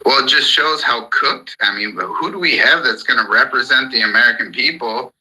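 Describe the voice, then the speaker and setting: A man's voice: medium pitch, normal speed, pushed and bright, husky, low-quality recording. A man hosting a live audio chat room, ranting heatedly about politics with plenty of profanity. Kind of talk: angry political rant.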